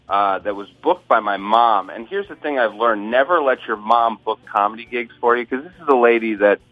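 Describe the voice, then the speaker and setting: A man's voice: lowish voice, no room sound. A man working as a comedian, telling self-deprecating stories in a casual interview over the phone. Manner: self-deprecating storyteller, dry delivery. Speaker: comedian guest. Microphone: phone call. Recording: tinny phone line, dry.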